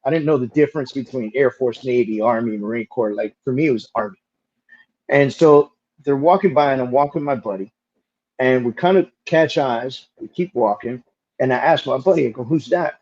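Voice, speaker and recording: A medium-pitched man, an interview guest, tells stories briskly in a relaxed, lively way, swearing casually and leaning on "like" as a filler. The audio sounds a bit dull and lo-fi.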